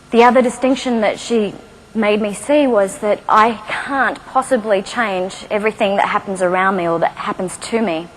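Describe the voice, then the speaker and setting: A middle-aged woman speaks from a stage, her voice at an everyday pitch. She tells her story to a live audience, breaking it up with wry laughs and direct questions. A faint hiss sits in the background. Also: rough recording. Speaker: motivational speaker. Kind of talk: inspirational stage talk.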